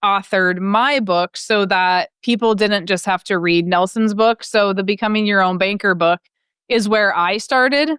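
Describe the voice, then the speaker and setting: A woman from the American Midwest talking in an animated, loud and emphatic way, as podcast host and interview guest. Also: medium pitch, measured pace, clean tone, no room sound, clean studio sound.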